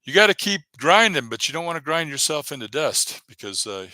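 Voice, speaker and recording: A man's voice: a little high, very animated, brisk, sharp tone, no room sound. A man hosting a casual livestream, rambling and encouraging as he reads out viewers' chat. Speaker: YouTube livestreamer.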